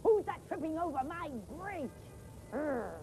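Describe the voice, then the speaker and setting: A woman's voice: extremely high pitch, expressive, unhurried, dark tone, slight background noise, full character voice. A woman voicing a scary, ugly troll who growls and roars, in children's TV storytelling. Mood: growling.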